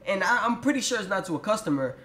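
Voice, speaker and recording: A man's voice: sits high, very animated, quick pace, a bit bright. A young man telling a story to his camera, ranting in an exasperated, profane way. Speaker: vlogger. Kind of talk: storytime rant. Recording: echoey room.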